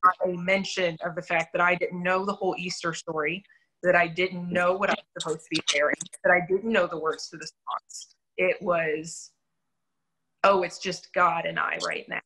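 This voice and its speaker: A woman's voice: lowish voice, fairly even intonation, normal speed, bright, forceful tone, slight background noise, low-quality recording. A young adult woman sharing her faith testimony in an interview, telling her story candidly and earnestly with self-deprecating humor.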